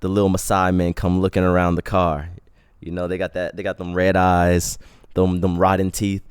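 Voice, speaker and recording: A man's voice: sits low, monotone, normal speed, clean tone. A young man hosting a podcast, telling a story in a casual, slangy way and acting out the quotes. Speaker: podcast host.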